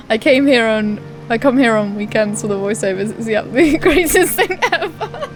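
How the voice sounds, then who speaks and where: A woman's voice: a little high, lively intonation, moderate pace, faint music behind. A woman streaming a game, chatting casually and giggling with viewers. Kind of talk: casual chat.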